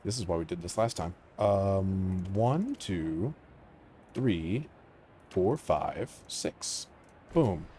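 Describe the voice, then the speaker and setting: A man giving casual commentary on a strategy game, mumbling to himself and trailing off into quiet asides. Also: deep voice, lively intonation, very slow, a little hiss or hum. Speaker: gaming channel host.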